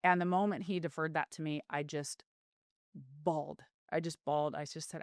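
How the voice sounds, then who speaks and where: A woman's voice: deep voice, steady tone, normal speed, no room sound, clean studio sound. A middle-aged woman telling a personal story as a podcast guest, in an earnest, heartfelt way. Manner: earnest, heartfelt, with vivid retelling.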